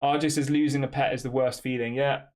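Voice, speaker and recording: A man's voice: mid-range voice, flat delivery, fairly quick, darkish tone. A young man casually hosting a football live stream, reading fan chat aloud and answering with lots of fillers and restarts. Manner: conversational, reads chat questions aloud, frequent fillers.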